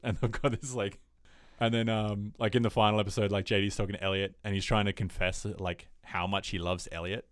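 A man's voice: on the low side, no echo, studio quality. Chatty man acting out TV scenes. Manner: animated, acts out scenes in quick put-on voices. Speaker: podcast co-host. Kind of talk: casual chat about TV shows.

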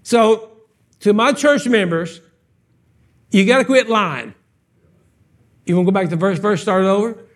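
Brief: male pastor, high-pitched, playful live sermon in a church, punchy questions. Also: moderate pace, long pauses. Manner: animated, joking, fires off rhetorical questions. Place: church sanctuary, live service.

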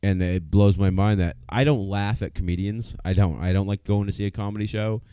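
Podcast co-host, male, blunt and profane, mellow voice, dry close sound. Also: on the low side, fairly even intonation, brisk, clear, resonant tone, no room sound. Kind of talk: casual chat.

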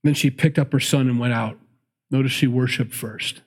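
A man's voice: medium pitch, steady tone, normal speed, a little mellow. A man teaching through a Bible passage in a conversational sermon, laughing often and acting out the people in the story. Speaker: pastor.

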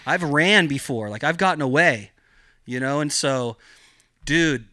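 Guy rambling through a story on a podcast, swears constantly, tons of fillers, does the voices of people he quotes, kinda high bright voice, dry close mic. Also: a little slow, no room sound. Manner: profane, rambling, animated, heavy on fillers. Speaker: podcast guest. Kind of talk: casual storytelling chat.

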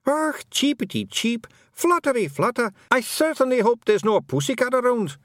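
A man voicing a tiny brash male fairy warrior with a Scottish accent, shrill and mocking as he fakes bird calls. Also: sing-song, normal speed, a bit bright, no room sound, clean studio sound, heavily acted. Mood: mock chirping.

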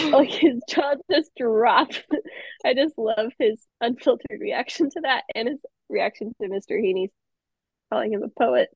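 A woman's voice: fairly high pitch, measured pace, creaky, husky, no echo. A young woman co-hosting a casual podcast, talking enthusiastically with some laughter. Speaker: podcast co-host. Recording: slightly muffled dry mic.

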